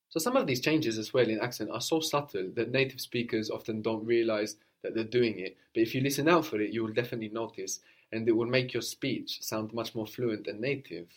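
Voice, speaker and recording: Patient male language teacher. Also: on the low side. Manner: patient, explains then models phrases for the student to repeat. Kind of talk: conversational language lesson.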